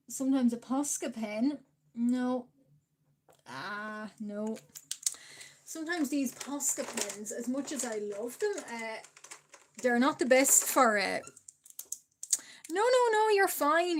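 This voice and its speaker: A woman with an Irish accent chatting hesitantly with her livestream viewers while she draws, with many fillers and frequent small laughs. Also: fairly high pitch. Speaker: art livestreamer. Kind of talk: casual livestream chat while drawing.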